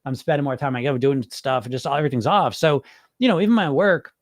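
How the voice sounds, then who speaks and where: A man's voice: medium pitch, quick pace, no room sound, studio quality. A man hosting a weight-loss podcast, answering viewer comments in a casual, rambling way with plenty of swearing. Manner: animated, profane, rambling.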